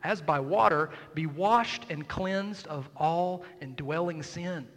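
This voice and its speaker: A man preaching a sermon as pastor, swinging between hushed near-whispers and loud emphatic calls. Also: a little high, takes it slowly. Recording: long reverb of a large hall.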